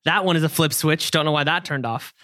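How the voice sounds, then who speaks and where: A man's voice: a little high, a little fast, bright, forceful tone, no echo, clean studio sound. A man joining a casual group podcast from a hotel room, asking curious questions and reacting with surprise. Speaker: podcast co-host.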